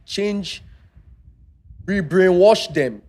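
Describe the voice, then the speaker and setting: A Nigerian man in casual podcast chat, talking deliberately and repeating words for stress. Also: high voice, darkish tone. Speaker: podcast co-host.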